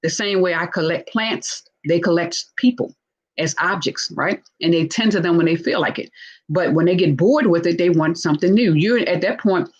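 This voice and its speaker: A woman with a husky, slightly breathy voice talks through her subject in a live, casual teaching style. She is animated, acts out bits of dialogue and keeps checking in with "right?". The recording sounds dull and lo-fi. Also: fairly low pitch, moderate pace. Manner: animated, acts out quoted speech, frequent "right?". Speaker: host discussing narcissistic relationships.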